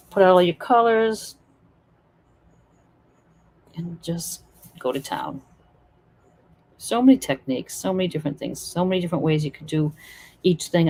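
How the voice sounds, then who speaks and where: A woman's voice: fairly low pitch, a little mellow. A woman teaching acrylic painting in a live stream, chatting and encouraging while she works. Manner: chatty, encouraging, thinks aloud while working.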